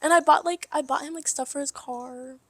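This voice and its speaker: A young woman co-hosting a casual podcast, telling a story in an animated way with lots of swearing and laughter. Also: high-pitched, fairly quick, dry recording. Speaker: podcast co-host. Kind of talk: casual chat.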